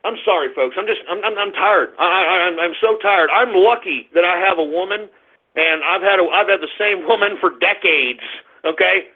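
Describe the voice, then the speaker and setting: Ranting high-voiced man, tinny phone-line sound. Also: moderate pace. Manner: angry, ranting, often shouting. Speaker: radio show host. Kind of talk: ranting radio monologue.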